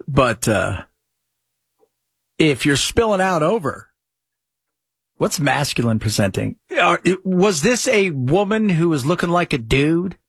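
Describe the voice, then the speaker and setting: Mocking male commentary host, husky, very lively pitch. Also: no echo. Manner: mocking, laughs loudly at his own jokes. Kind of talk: sarcastic reaction commentary.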